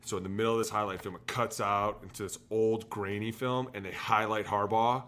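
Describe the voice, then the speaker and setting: Man, ex-NFL lineman, podcast co-host; energetic storyteller, bright tone. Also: lowish voice, fairly quick. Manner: animated storyteller, shouts out quoted lines. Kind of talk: casual storytelling chat.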